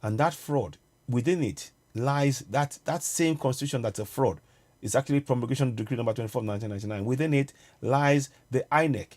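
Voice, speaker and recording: A man hosting a political livestream, his voice pitched around the middle for a man. He hammers his points with repeated phrases and talks straight to the viewers. Every so often he breaks off to fumble with a clip on his screen. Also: darkish tone. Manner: urgent, repetitive, addresses viewers directly; pauses to fumble with on-screen media. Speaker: online show host.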